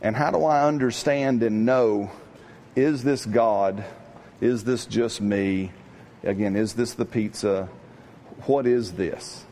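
A middle-aged man preaching a sermon in a lively, conversational way, often asking his congregation questions. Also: on the low side, takes it slowly, slight background noise. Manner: animated, call-and-response with congregation. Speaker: pastor.

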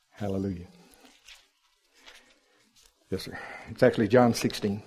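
A male preacher with a slightly rough voice on the low side gives a lively, joking sermon in church. He moves back and forth between booming and quiet delivery.

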